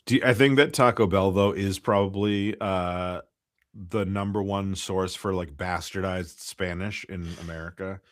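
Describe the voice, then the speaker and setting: A man with a very low, deep voice, recorded dry and close with no room sound. He chats easily as a podcast co-host, pausing on fillers and stretching out his phrases. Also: fairly even intonation, dry recording. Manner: easygoing, with hesitant fillers and drawn-out phrases. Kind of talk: casual chat.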